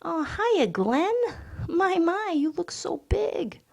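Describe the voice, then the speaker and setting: A woman voicing a fussy, gushing young male yuppie in a high, cooing, effusive voice, reading a storybook scene. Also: very animated, takes it slowly, creaky, a little mellow, exaggerated voice.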